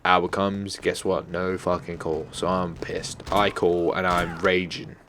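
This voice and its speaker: A man's voice: deep voice, flat delivery, measured pace, fairly bright tone. A man ranting and swearing as he tells a story while playing a video game. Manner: annoyed, swearing, rambling. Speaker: gaming channel host. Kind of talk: storytime rant over gameplay. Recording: game gunfire noise behind voice. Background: game gunfire and explosions.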